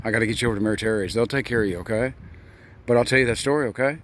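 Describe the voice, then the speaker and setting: A man's voice: mid-range voice, very fast, a bit bright, slight background noise. An older man acting as a grandfather, chatting in a folksy, affectionate way and laughing often as he tells a bedtime story.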